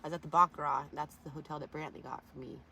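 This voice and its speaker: Profane, animated woman telling wild stories. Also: sits low, very fast, vocal fry, slight background noise. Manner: profane, animated storyteller with sudden loud bursts. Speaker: vlogger. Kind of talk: casual rambling storytelling.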